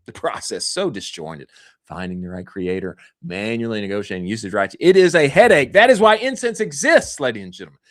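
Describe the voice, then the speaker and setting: A male podcast host with a lively, swooping delivery and bursts of shouted hype. He talks fast through an ad read and keeps the energy high. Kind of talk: hyped podcast intro and ad read.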